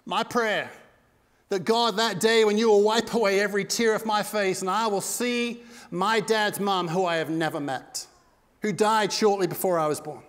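A male pastor preaching an impassioned sermon, swinging between loud and hushed. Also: high-pitched, steady tone, normal speed. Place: church sanctuary. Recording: long reverb of a church hall.

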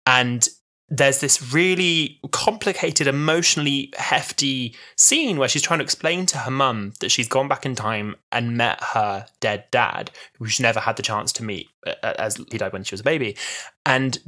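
A young man in his twenties chats on a podcast with a bright, forward tone. He talks quickly and animatedly, piling up fillers as he recalls favourite moments. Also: mid-range voice. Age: 20s. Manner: chatty, animated, quotes scenes in acted voices. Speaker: podcast co-host. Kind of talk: casual chat.

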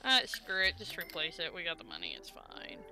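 A woman's voice: fairly low pitch, huge pitch swings, fairly quick, pushed and bright, faint music behind. A woman streaming a life-sim game, chatting casually and coaxing the characters on screen. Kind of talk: casual gameplay commentary.

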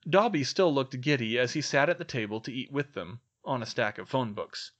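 A man reading a story aloud in a lively, expressive way. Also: medium pitch, normal speed. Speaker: reader. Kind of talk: audiobook narration.

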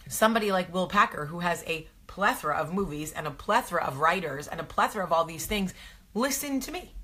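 A woman's voice: lowish voice, sharp tone, husky. A woman host, talking casually and animatedly to her viewers, asking rhetorical questions. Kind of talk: casual motivational talk to viewers.

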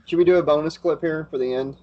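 A man's voice: a little high, quick pace, dull audio. A man hosting a podcast, chatting casually in a loose, rambling way with plenty of fillers. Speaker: podcast host.

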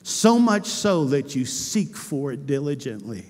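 A male pastor preaching a sermon with passion, moving between loud cries and hushed, intimate lines. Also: mid-range voice, very animated, unhurried. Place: church sanctuary. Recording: church hall with long reverb.

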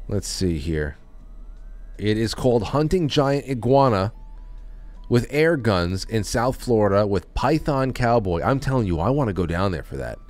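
Man, podcast host, casual chat, rambling, lowish pitch. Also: big pitch swings, normal speed, a little mellow, faint music behind. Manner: rambling, with frequent restarts and trailing off.

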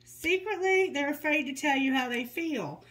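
Soothing higher-voiced woman reading tarot. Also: moderate pace, a bit bright, rough recording. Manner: reads card messages aloud in a soothing, guiding tone; candid and joking, with blunt asides. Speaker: tarot reader.

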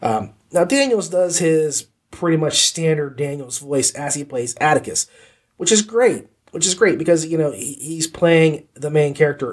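Husky-voiced man enthusing in a review. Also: a little high. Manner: enthusiastic, repeats words for emphasis; rambling, conversational asides. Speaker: podcast host reviewing audiobooks. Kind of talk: casual spoken review.

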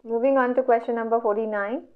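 A woman's voice: on the high side, steady tone, fast talker. A woman with an Indian English accent teaching an online exam revision lecture, working through questions step by step and asking herself questions that she then answers. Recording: dull lo-fi audio.

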